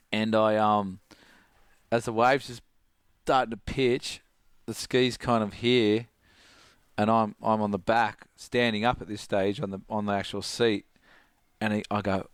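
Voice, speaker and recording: A man's voice: fairly low pitch, unhurried, clean tone, no room sound, clean studio sound. A middle-aged Australian man, a surf coach, animatedly telling stories as a podcast guest and acting out his friends' voices. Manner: animated, acts out friends' voices, laughs often. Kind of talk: casual storytelling.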